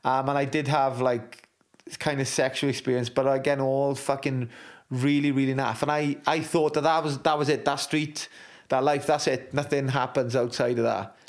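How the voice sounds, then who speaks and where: A man's voice: medium pitch, fairly even intonation, moderate pace. Blunt, swearing Welsh man. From Wales. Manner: blunt, heavy swearing, frequent restarts. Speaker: interview guest, former rugby captain. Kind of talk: candid conversational interview.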